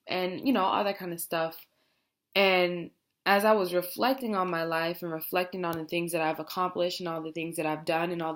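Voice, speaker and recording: Reflective young woman with a lower voice. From United States. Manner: reflective, rambling with many fillers. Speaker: vlogger. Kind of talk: heartfelt personal vlog talk.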